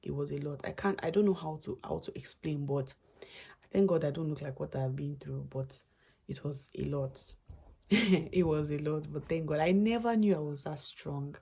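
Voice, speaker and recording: Young woman, casual vlog storytelling, rambling and emotional, low gravelly voice. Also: normal speed, dark tone. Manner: chatty, rambling with restarts and asides, emotional. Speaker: vlogger.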